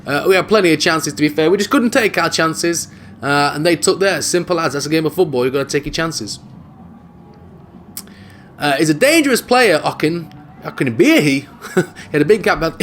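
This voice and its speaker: A man commentates on his own football video game in a casual, jokey way. His voice sits fairly high and he talks with animated banter. A faint room ambience sits behind him. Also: normal speed, slight background noise. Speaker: gaming video host.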